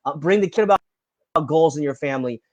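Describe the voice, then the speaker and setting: High-voiced, earnest man rambling on. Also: expressive, fast, darkish tone, no room sound. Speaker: podcast guest. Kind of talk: casual podcast conversation.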